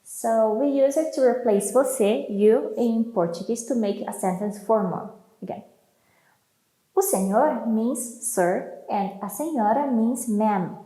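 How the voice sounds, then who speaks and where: A woman teaching a language lesson, saying each phrase slowly and clearly, then repeating it for learners. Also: a little high, mellow.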